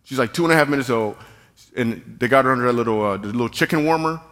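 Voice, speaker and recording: In a large church auditorium with long hall reverb, a church speaker and comedian gives a playful, jokey talk to a live audience, teasing the band between stories. His mid-range voice is fast and a bit bright, and there's a little hiss or hum on the recording.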